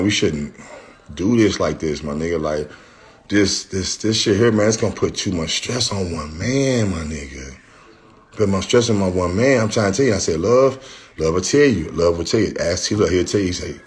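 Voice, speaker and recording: A middle-aged man on a phone livestream, rambling and heated, full of slang and swearing, who jumps into a higher voice when he mocks what others said. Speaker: rapper responding on a livestream. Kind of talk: casual livestream rant.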